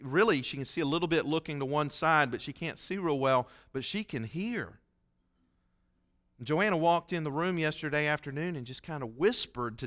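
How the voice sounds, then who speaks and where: Male pastor, sermon storytelling, bright tense tone, smooth resonant voice, folksy. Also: on the high side. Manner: conversational, folksy, acts out quoted voices.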